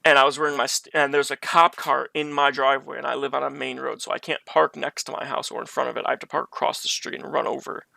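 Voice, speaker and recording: A man's voice: medium pitch, little pitch movement, fast talker, gravelly, few pauses, sharp tone, no echo. A man streaming from his bedroom, telling a personal story in a rambling, conversational way with many restarts. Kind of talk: casual storytelling on a live stream.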